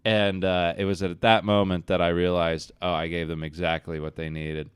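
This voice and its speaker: A man's voice: deep voice, little pitch movement, moderate pace, clear, resonant tone, no echo, clean studio sound. A young man hosting a podcast, telling a profane, self-mocking story in casual chat. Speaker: podcast host.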